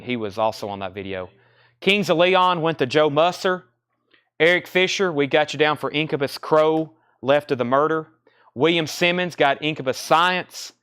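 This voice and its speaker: A man hosting a live record sale, briskly calling out bids and prices, out of breath. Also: mid-range voice, a bit bright, smooth, dry recording, clean studio sound. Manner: brisk, matter-of-fact auctioneer patter. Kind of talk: live sales stream, rattling off prices.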